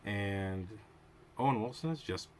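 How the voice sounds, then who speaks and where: Rambling, analytical man with a lowish voice. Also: lively intonation, unhurried, a little mellow, slight background noise. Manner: discursive, goes off on tangents, thinks aloud with restarts. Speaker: show host reviewing a TV episode. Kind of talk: casual analytical commentary.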